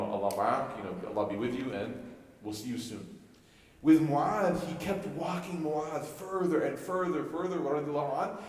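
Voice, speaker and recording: Man preaching in an echoey hall. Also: medium pitch. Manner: storytelling, swinging between loud emphasis and hushed near-whispers. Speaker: speaker at an Islamic center. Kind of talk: sermon to youth. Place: large echoey prayer hall. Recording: echoey hall with long reverb.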